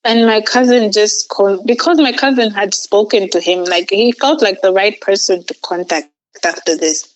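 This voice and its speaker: A woman's voice: mid-range voice, moderate pace, low-quality recording. A young woman, a podcast guest, telling a personal story casually, rambling with many filler words.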